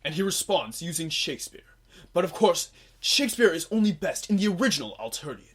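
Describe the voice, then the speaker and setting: A woman playing a formal, excitable male troll in a cosplay comedy sketch, speaking with stiff, proper diction. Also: on the low side, a little fast, slightly rough. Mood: lecturing.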